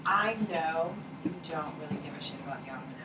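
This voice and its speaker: A woman teaching a high school history class, talking casually and candidly and swearing offhandedly as she lectures. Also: fast talker, noisy background. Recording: echoey classroom from far off.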